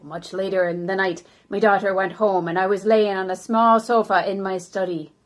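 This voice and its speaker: A woman acting as a dead older man who narrates his life story in a first-person historical monologue, often dropping soft and slow. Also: mid-range voice, fairly even intonation, natural voice. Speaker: volunteer actor.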